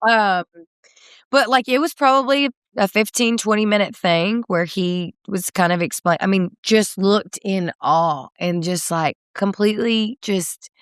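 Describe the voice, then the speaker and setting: A woman in her thirties, a singer guest in a candid interview, telling a personal story with many fillers and soft laughs. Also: mid-range voice, a little slow, clean tone, no echo, clean studio sound.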